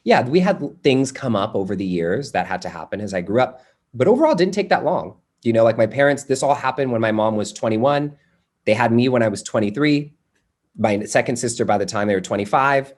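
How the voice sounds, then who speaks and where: A young adult man teaching a workshop, telling a family story in a loose, animated way with many fillers like "you know" and "like". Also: mid-range voice, brisk. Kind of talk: personal storytelling in a workshop talk.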